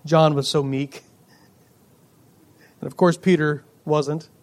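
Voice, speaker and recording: A male pastor preaching a sermon, swinging between loud emphatic lines and quiet asides, joking with the congregation. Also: fairly high pitch, fairly even intonation, slow pace. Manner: jokes with the congregation.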